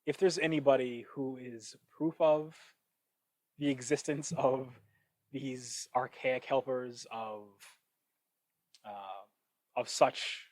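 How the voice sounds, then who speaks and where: A man talks through his ideas in a loose, reflective solo podcast, circling back and restarting as he thinks. His voice sits at an ordinary middle pitch. The sound is dry and close, from a cheap microphone. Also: dry recording, rough recording. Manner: thinking out loud, with frequent restarts and asides. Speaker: podcast host. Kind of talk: casual reflective monologue.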